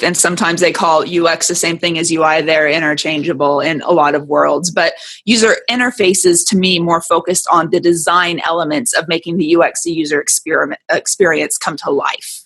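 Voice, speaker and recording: Husky-voiced woman guest, candid and joking. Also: fairly low pitch, steady tone, fairly bright tone. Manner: candid, joking, quick bursts. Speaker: guest expert. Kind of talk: casual podcast conversation.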